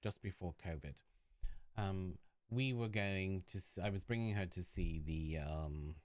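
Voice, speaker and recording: British male co-host, low voice, dry close sound, loose anecdotal delivery with swearing. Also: measured pace, darkish tone, no room sound. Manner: chatty storyteller, swears freely. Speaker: podcast co-host. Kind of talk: casual live chat.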